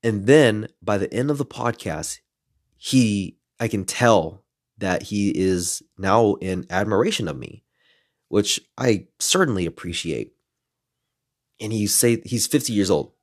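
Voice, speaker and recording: A man in his twenties, a podcast host telling a story in casual, lively style, adding some playful swearing. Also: lowish voice, a little slow. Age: 20s.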